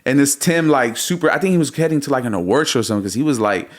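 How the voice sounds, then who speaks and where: Thirties male guest, mid-range voice, spins an excited story with plenty of slang. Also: mid-range voice, rapid-fire. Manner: animated, slangy storyteller, calls the host bro and dog. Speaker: music producer, podcast guest. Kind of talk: casual storytelling interview.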